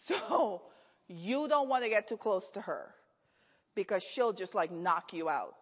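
A middle-aged woman preaching a storytelling sermon, animated, laughing often and acting out the people in her story. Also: mid-range voice, a little slow, husky. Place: church hall. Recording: echoey hall, slightly dull sound.

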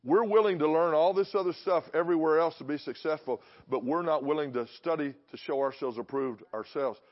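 On the high side and brisk, this man's voice drives an emphatic church sermon full of repeated phrases and questions aimed at the congregation. The audio quality is dull and lo-fi.

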